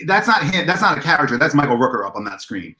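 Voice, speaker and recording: A man on a video call, telling convention stories in an animated way and acting out the dialogue in a raised voice. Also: fairly high pitch, fast talker, echoey room. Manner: excitable, acts out dialogue in a raised voice. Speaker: convention organizer guest. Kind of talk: animated storytelling on a livestream.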